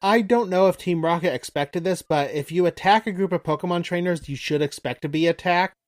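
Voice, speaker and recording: A man co-hosting a podcast, giving relaxed, musing commentary in casual chat. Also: sits high, a little fast. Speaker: podcast co-host.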